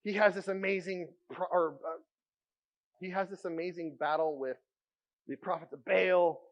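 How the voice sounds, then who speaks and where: A man preaching a sermon as pastor, telling stories with animated energy and dropping to a hush for quiet moments. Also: sits high, moderate pace, highs cut off. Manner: animated storytelling, drops to a hushed voice for quiet moments.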